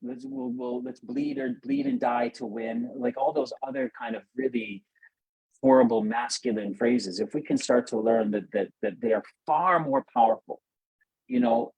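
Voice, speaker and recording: A man in a podcast conversation, speaking earnestly and from the heart, with halting restarts. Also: mid-range voice, creaky, warm tone, breathy edge, no echo, dull audio.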